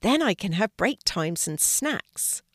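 Storybook schoolgirl read by an older woman, bright and bossy, dry close sound. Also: mid-range voice, sing-song, slow pace, no echo. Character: cheerful, organised young schoolgirl. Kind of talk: storybook reading.

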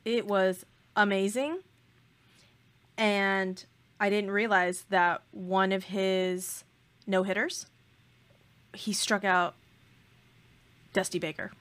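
Woman podcast co-host, mid-pitched, casual, emphatic, prone to playful overstatement. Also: little pitch movement, slow, pauses often, a bit bright, smooth. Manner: gushing, emphatic, playful exaggeration. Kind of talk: casual chat.

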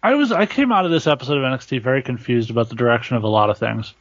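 A blunt man co-hosting a podcast who criticizes freely and swears heavily. His mid-pitched voice sits close and dry, with dull lo-fi audio. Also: racing, dry recording. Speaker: podcast co-host. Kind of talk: casual chat.

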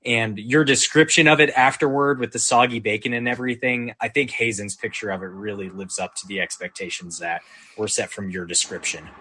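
A man hosting a casual sports podcast, recapping games with energy and quick laughs. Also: on the low side, fairly even intonation, bright, forceful tone, a little hiss or hum. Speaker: podcast host.

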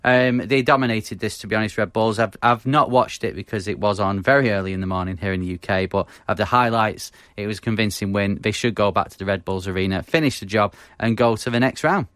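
A man from the UK co-hosting a casual football podcast, talking in a halting way with many fillers and stumbling over foreign names. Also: lowish voice, a bit bright, no room sound, clean studio sound. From United Kingdom. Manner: halting, many fillers, laughs at own mispronunciations. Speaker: podcast co-host.

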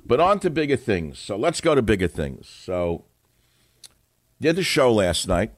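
An older man with a very low, deep voice holds forth as a talk show host, drifting from topic to topic with scornful asides. The sound is dry and close, with no room around it. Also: no room sound. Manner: opinionated, digressive, scornful asides. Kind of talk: rambling monologue.

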